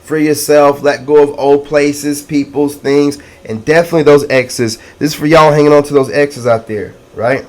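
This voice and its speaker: A man giving a casual tarot reading to his viewers, excitable and slangy, repeating catchphrases and calling out to the audience. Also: a little high, normal speed, few pauses. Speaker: tarot reader.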